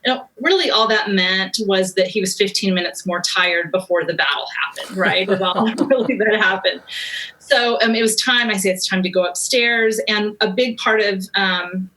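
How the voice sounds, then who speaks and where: A woman's voice: medium pitch, moderate pace, bright, forceful tone, rough recording. Earnest woman sharing parenting insight. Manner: earnest, reflective, acts out parent-child dialogue. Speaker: parenting expert guest. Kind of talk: conversational interview.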